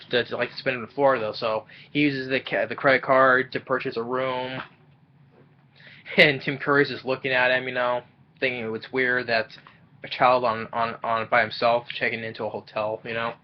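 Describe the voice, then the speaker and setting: A man talks through a movie plot in a loose, rambling way, stumbling over his words and restarting often. His voice sits at an ordinary middle pitch, and the recording sounds dull and lo-fi. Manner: rambling and halting, with many fillers and restarts. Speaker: movie reviewer. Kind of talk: casual spoken film recap.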